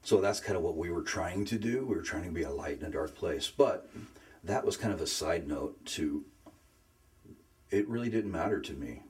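A man telling his faith story in a casual conversation, earnest and emotional, often pausing to search for words. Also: low-pitched, animated, darkish tone. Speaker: guest sharing faith story.

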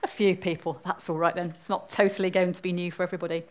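A woman's voice: on the low side, little pitch movement, fast talker. A woman speaking at a church service, telling a story in a friendly way and inviting the audience to join in.

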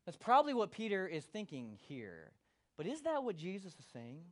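High-voiced impassioned preacher man. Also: wildly swooping pitch, moderate pace. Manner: impassioned, swings from hushed to loud, acts out quotes. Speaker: pastor. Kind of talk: sermon.

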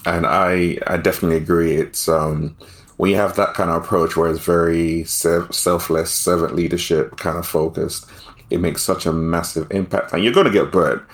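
A man's voice: deep voice, steady tone, normal speed. A man hosting a podcast, responding to his guest in an affirming, reflective way. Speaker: podcast host. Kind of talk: casual interview chat.

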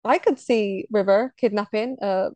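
A woman's voice: mid-range voice, normal speed, mellow, dry recording. A woman co-hosting a podcast in casual chat, talking with gushing enthusiasm and laughing often. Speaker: podcast co-host.

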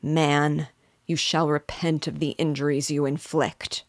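A bitter, menacing creature, as a woman reads him out, spoken in a low, unhurried voice with heavy threat on each phrase. The recording is close and dry, with no room sound. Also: little pitch movement, dry recording. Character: wretched vengeful male creature, bitter and menacing.

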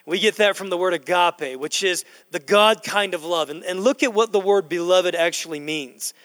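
A middle-aged male pastor preaching a sermon in a church, slowing down to stress key words and building to loud emphasis. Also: high voice. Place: church sanctuary. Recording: long hall reverb in a church.

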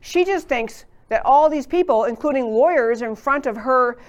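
A woman's voice: high voice, expressive, moderate pace, muffled recording. Rambling woman talk host. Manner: rambling, with many fillers and restarts. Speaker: show host. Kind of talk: political talk commentary.

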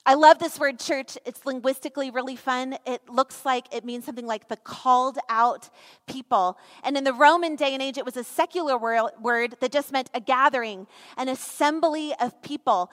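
Animated woman preaching in an echoey hall. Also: high-pitched. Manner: animated, emphatic, playful asides. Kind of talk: sermon. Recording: reverberant church hall.

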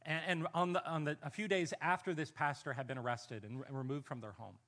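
A man's voice: on the high side, fairly even intonation. Conversational male pastor preaching. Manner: conversational, self-deprecating, reads a letter slowly and softly. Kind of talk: sermon.

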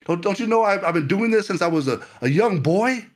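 A man's voice: sits high, expressive, brisk, voice pushed up. A man acting out a proud, boastful fisherman who scoffs in disbelief with a raised voice. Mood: scoffing. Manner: incredulous, mocking, raised voice.

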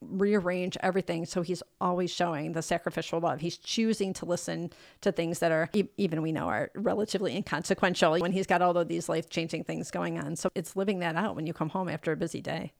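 A woman in her forties, a podcast guest, speaking warmly and appreciatively about her husband. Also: fairly low pitch, fairly even intonation, fast, creaky, hardly any pauses, no room sound, studio quality. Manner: warm, appreciative. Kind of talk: conversation.

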